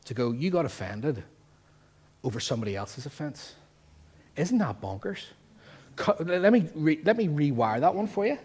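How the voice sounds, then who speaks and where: Husky-voiced Northern Irish pastor preaching. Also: male voice, fairly high pitch, moderate pace, long pauses. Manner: lively, jokey preaching with rhetorical questions. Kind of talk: sermon. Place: church.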